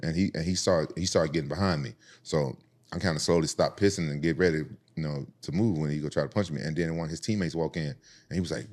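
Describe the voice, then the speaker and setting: A man from Memphis, a podcast guest telling profane, animated stories about street fights and jumping high in pitch to quote other people. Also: fast. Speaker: podcast guest, former UFC champion. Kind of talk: casual storytelling.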